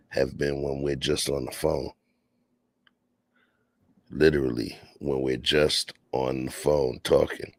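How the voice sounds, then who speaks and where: A man's voice: a bass voice, gravelly, no echo. A man hosting a casual late-night podcast, laid-back and slangy, talking from home. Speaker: podcast host. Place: home, near a patio door.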